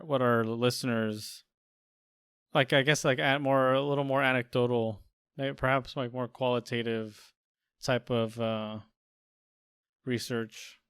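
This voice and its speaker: A man with a smooth, resonant voice co-hosting a laid-back podcast chat. He hunts for words as he talks, with plenty of pauses and restarts. The sound is close and dry, with no room around it. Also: mid-range voice, a bit bright, no room sound. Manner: hesitant, searching for words. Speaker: podcast co-host. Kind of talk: casual chat.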